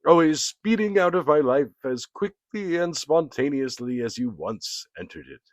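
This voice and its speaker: A man's voice: on the high side, animated, moderate pace, no echo, pitched above the performer's own voice, natural voice. A man voicing a pompous male cartoon coyote who calls himself a genius, delivering a theatrical performance poem. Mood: aggrieved. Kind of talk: performance poetry. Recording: dull, dry recording.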